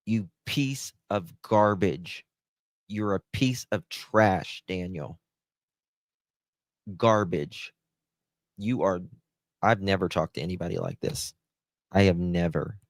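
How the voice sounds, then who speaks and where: A man's voice: low voice, slow, pauses often, no room sound, studio quality. A man giving angry, profane, sarcastic commentary on case documents as a true crime host.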